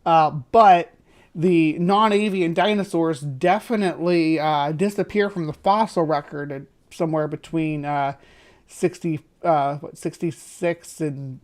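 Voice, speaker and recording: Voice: mid-range voice, measured pace. A livestream host giving casual, rambling commentary on a video, stopping to correct and qualify points.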